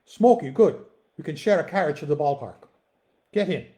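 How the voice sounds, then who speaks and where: A man voicing a chummy male ballplayer with an Irish accent, calling out loud and hearty. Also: a little high, lively intonation, normal speed, close to an everyday voice.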